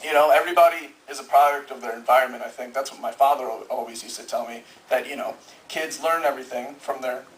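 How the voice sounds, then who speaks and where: A man's voice: medium pitch, quick pace, slight background noise. A young man in his late teens doing rambling stand-up comedy at an open mic, nervous and laughing at his own jokes. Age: young adult. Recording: echoey room, mic heard from far.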